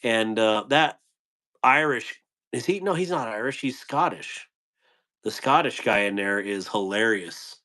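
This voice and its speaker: A man's voice: mid-range voice, expressive, slow, pauses often, fairly bright tone. A man hosting a casual live stream, rambling loosely and telling corny jokes to his viewers.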